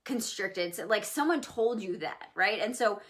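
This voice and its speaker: A woman co-hosting a live video chat, talking casually with quick asides and "um"s. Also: medium pitch, lively intonation, a bit bright. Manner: chatty, quick asides, fillers like "um". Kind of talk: casual live-stream talk.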